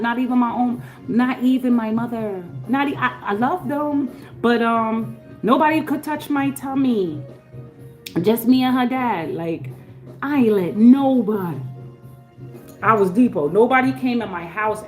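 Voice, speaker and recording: A middle-aged woman chatting casually on a livestream, dropping to soft murmured blessings and then rising into loud, excited outbursts. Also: a little high, normal speed, faint music behind. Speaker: livestream host. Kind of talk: casual live-stream chat.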